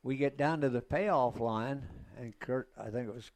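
A man's voice: mid-range voice, moderate pace, a little mellow. Older male guest, ex-racer, casual rambling storyteller with a middle-range voice who chuckles as he goes. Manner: rambling anecdotes, chuckles between lines. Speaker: guest, former race car driver.

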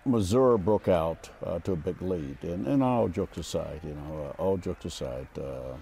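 An older man, a former basketball referee, recounting a game at a roundtable with many halting pauses. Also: low-pitched, expressive, gravelly, warm tone, slight background noise.

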